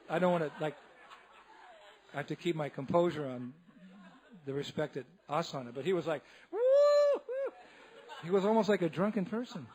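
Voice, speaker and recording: Male monk lecturer, high-pitched, lively comic storyteller who breaks into laughter. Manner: animated, laughs often, acts out others' voices. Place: temple hall.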